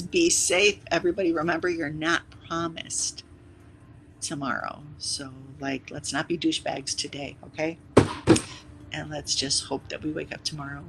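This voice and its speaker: Streamer rambling at chat, teasing, loud bursts then whispery asides, pretty bright voice. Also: mid-range voice, a little hiss or hum, low-quality recording. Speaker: live streamer. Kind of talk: casual chat with stream viewers.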